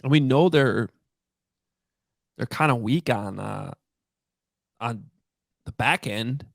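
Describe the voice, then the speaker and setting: A man's voice: mid-range voice, animated, takes it slowly, vocal fry, no room sound, clean studio sound. A man co-hosting a sports podcast in casual, chatty talk, often restarting his sentences. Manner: chatty, many restarts and fillers. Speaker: podcast co-host.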